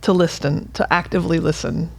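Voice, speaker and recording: Female physical therapist guest, slightly gravelly, earnest, animated in casual chat. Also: low voice, a little fast. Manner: earnest, expressive, laughs easily. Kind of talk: casual conversation.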